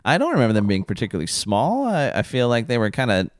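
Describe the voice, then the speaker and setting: A man in a casual chat who speaks in a measured way with dry humor. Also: mid-range voice, huge pitch swings, dry recording. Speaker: podcast co-host.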